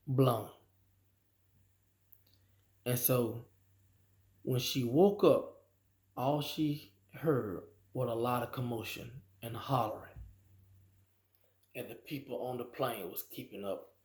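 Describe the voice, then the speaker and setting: A male preacher tells a story in a slow, unhurried sermon style, with folksy grammar. His voice sits in a middle register. An echoey room surrounds him. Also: medium pitch, a little mellow.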